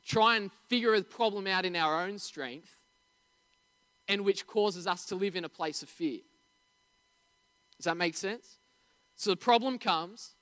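A man's voice: high voice, long reverb tail. A man preaching a sermon, telling stories with energy and asking the congregation questions. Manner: storytelling, animated, asks the audience questions. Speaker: pastor.

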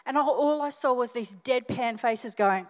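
An older Australian woman preaching from the stage in a high, bright voice. She talks straight to her congregation, animated and emotional. Her words ring out with the long reverb of a church hall. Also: moderate pace. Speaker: senior pastor. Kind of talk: sermon.

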